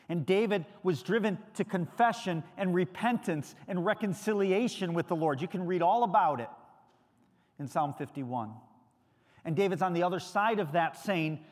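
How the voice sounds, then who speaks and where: A pastor delivering a sermon in a church, his voice sitting a little high for a man. He preaches conversationally and keeps putting questions to the congregation. The sound carries a long reverberant hall tail. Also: moderate pace. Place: church sanctuary.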